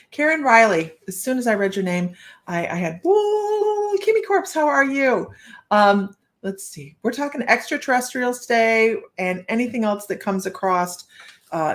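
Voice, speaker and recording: A woman giving a live-streamed psychic reading, chatting to her viewers and thinking aloud in loose, rambling sentences. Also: medium pitch. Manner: chatty, talks straight to viewers and greets them by name. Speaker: psychic reader.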